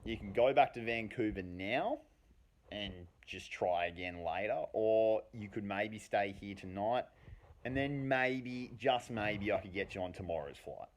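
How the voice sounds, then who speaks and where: A man voicing a big airport manager who talks in a soothing, overly reasonable and loud way. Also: on the low side, lively intonation, measured pace. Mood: placating.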